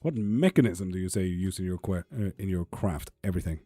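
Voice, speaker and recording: A man's voice: deep voice, expressive, fast, dark tone, dry recording, soft background music. A man chatting casually on a live tarot stream, reading viewers' comments aloud and swearing freely. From Sweden.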